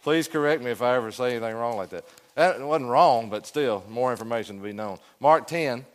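A man teaches a Sunday school class in a church classroom. His voice sits at a middle pitch. He talks in a folksy, joking way and keeps putting questions to the room. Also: a little fast.

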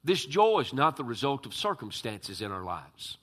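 A man delivers a sermon in a bright, forward voice, leaning hard on key words and drifting into folksy asides. He talks with filler words and a relaxed, conversational warmth toward the congregation. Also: medium pitch, moderate pace. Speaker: pastor.

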